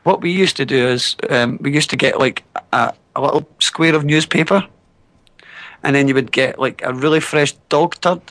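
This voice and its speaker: A man's voice: on the high side, normal speed, a bit bright, dry recording. A Scottish man on a casual podcast chat, telling long rambling anecdotes with restarts. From Scotland.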